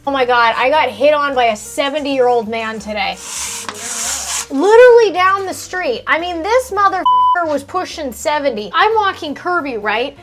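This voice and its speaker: Her voice sits high and moves at a moderate pace over soft background music as this young woman vlogs about fixing up her house. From the hallway indoors, she tells animated, profane, sassy stories, voicing the quotes herself.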